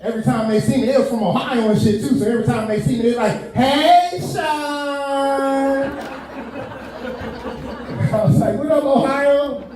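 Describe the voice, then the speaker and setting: A man's voice: extremely high pitch, fairly even intonation, a little slow, pauses often, a little mellow. A man hosting a podcast, telling loose, profane comedic stories and laughing through them. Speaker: podcast host. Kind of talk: casual comedic storytelling. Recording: very echoey room, distant mic, crowd noise.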